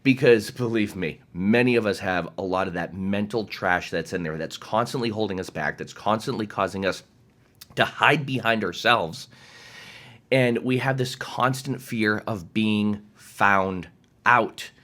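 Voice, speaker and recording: A man's voice: lowish voice, measured pace, a bit bright. A man giving a direct-to-camera motivational talk as a coach, emphatic and passionate, swearing freely.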